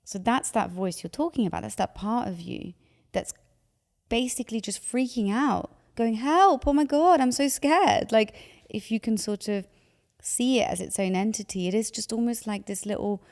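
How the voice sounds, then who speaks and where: A woman's voice: medium pitch, moderate pace, gravelly, in a large hall. A woman giving emotional advice in conversation, animatedly acting out anxious thoughts. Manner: animated, acts out anxious inner voices.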